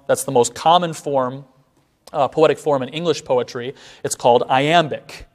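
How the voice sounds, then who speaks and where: A man giving a seminary classroom lecture, explaining step by step and slowing down to recite lines of verse. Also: on the high side.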